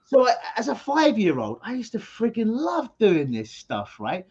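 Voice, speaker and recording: High-voiced man, lo-fi call. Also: moderate pace, slightly rough. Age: middle-aged. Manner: energetic storyteller, repeats words when starting sentences. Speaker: hypnotist guest. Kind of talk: conversational interview explanation. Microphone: video call.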